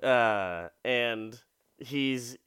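A man's voice: medium pitch, extremely slow, fairly bright tone, clean tone, no room sound, studio quality. A man casually retelling a movie plot in a profane, rambling way, often laughing. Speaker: film recapper.

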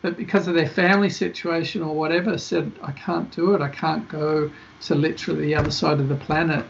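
A man's voice: fairly high pitch, steady tone, brisk, vocal fry, a little hiss or hum. A male film director guest, talking casually and rambling with many restarts in a podcast interview. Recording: dull lo-fi podcast audio.

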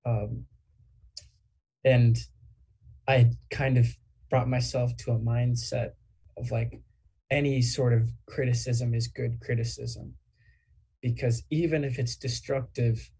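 A man's voice: mid-range voice, little pitch movement, slow pace, creaky, long pauses, warm tone, breathy edge. A young man on a podcast, talking things over in a reflective, rambling way with lots of fillers. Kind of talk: casual podcast chat.

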